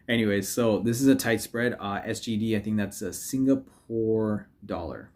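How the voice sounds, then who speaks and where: A man with a lowish voice rambles through a casual trading commentary for his channel. He jokes as he goes, stumbles over fillers and restarts, and keeps fixing his own words. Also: moderate pace, few pauses, darkish tone. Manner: rambling and joking, self-correcting, filler-heavy. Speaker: forex trading YouTuber. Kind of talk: casual screen-share commentary.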